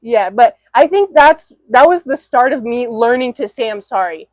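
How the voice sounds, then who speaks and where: A woman's voice: a little high, moderate pace, no echo. A young adult woman hosting a candid podcast chat, telling stories animatedly with frequent laughter. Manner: animated storyteller, laughs often, acts out quoted lines. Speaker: podcast host. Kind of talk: candid chat between friends.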